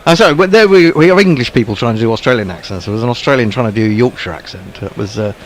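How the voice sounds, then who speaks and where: A man's voice: medium pitch, racing. A man calling ball-by-ball cricket commentary in a wry, rambling way, full of ums and asides.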